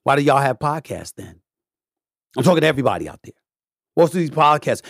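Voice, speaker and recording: A man's voice: big pitch swings, fairly quick, vocal fry, pauses often, dry recording. Middle-aged male host, emphatic profane rant, dry close mic, preacher-like cadence. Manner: emphatic, swings between low mutters and loud rants. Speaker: podcast host. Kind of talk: opinionated monologue.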